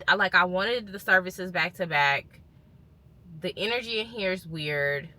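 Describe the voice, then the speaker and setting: A woman vlogger telling a personal story in a casual, animated way and quoting what others said. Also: mid-range voice, measured pace. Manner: animated retelling, quotes others' words. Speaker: lifestyle vlogger.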